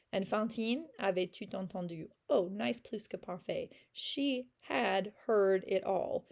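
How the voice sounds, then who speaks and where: A woman's voice: mid-range voice, slow, gravelly, hardly any pauses, darkish tone. A woman teaching in a casual, chatty way, reading a French novel aloud and explaining it with lots of fillers.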